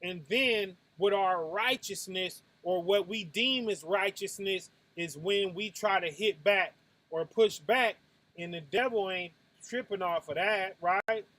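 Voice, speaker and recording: A man with a high voice preaching at an unhurried pace, talking to listeners like friends in a casual sermon. He drops to a quiet murmur, then jumps into loud bursts and makes punching sounds, and keeps tossing in "right?" to his listeners. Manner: swings from low and soft to loud bursts. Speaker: preacher hosting a Sabbath night talk.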